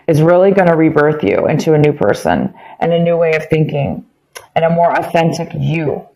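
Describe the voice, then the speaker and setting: A woman with a slightly low voice talks through a tarot reading, circling back over her phrases with plenty of ums. She is losing her voice as she goes. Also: animated, moderate pace, creaky, warm tone, rough recording. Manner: rambling, repeats phrases, many ums. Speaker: tarot reader. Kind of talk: casual tarot reading to camera.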